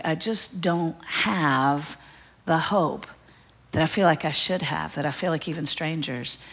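A middle-aged woman preaches from the pulpit, telling a story. Her voice sits low, and she tells it with animated energy. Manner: animated storyteller, acts out children's cries. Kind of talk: sermon storytelling.

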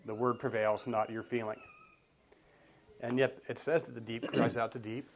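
Speaking at a moderate pace with a steady tone and medium pitch, this forties-aged man is a guest speaker leading an earnest, casual teaching talk for a church group. He tells stories and keeps restarting, and there is slight background noise. It was captured as a dull lo-fi room recording in a meeting room beside a children's group.

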